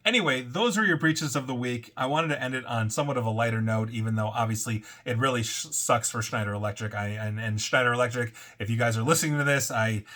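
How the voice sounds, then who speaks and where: A man's voice: medium pitch, quick pace, few pauses, a bit bright. A man hosting a weekly data breach show, talking casually and rambling with fillers and self-corrections. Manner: reads quotes aloud in a put-on French accent. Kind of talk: casual solo commentary.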